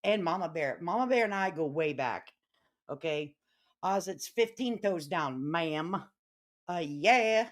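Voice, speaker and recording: A woman's voice: lowish voice, expressive. Brash, profane Chicago-accented woman. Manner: brash, profane, quick to get riled up and loud. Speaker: live-stream host. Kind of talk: casual live-stream chat.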